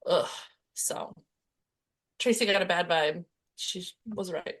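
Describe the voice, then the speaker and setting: A young woman co-hosting a podcast, chatting casually and retelling movie scenes with quick quoted voices. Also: lowish voice, breathy edge. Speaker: podcast co-host. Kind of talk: casual chat about a movie.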